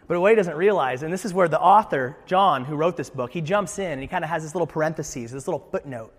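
A man preaching a sermon in an animated, conversational way with casual asides. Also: fairly high pitch, quick pace, few pauses, long reverb tail. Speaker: pastor.

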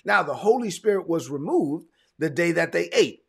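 A man preaching a sermon in a conversational, emphatic way, repeating his points, with a gravelly, husky voice. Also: fairly high pitch, expressive, moderate pace. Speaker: pastor.

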